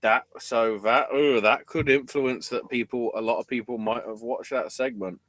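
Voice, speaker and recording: A man's voice: mid-range voice, steady tone, fairly bright tone, no room sound. A man hosting a podcast, recapping in a casual, sarcastic way and swearing freely. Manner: profane, sarcastic, unhurried drawl. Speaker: podcast host. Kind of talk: casual wrestling recap chat.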